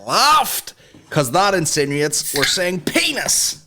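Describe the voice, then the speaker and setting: Man, podcast host, lively swinging pitch, sweary casual banter. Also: slow pace, noisy background. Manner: animated, swearing, acts out voices.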